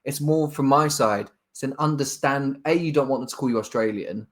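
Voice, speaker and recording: Relaxed Londoner talking sport. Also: male voice, mid-range voice, a little fast. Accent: London English. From England. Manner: relaxed, rambling with self-corrections. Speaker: podcast co-host. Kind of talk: casual sports chat.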